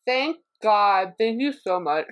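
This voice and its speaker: A woman playing a tabletop game speaks slowly, and her pitch rises and falls a lot. She sounds comically anxious and pleads with the group. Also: expressive, lo-fi sound. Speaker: player. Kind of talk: casual tabletop play.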